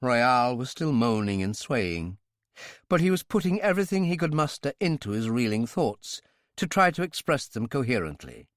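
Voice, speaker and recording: A man narrating a thriller audiobook in the first person, in a measured, dramatic manner. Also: medium pitch, very animated, dry recording, clean studio sound.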